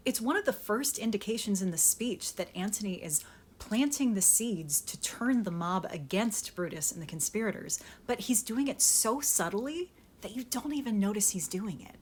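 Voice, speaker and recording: A young woman acting coach explains verse rhythm directly to the listener. Her pitch swings widely as she talks, and she punches out stressed syllables with emphatic energy. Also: a little hiss or hum. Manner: lively, emphatic, sounds out stress patterns. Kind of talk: explaining Shakespeare verse to camera.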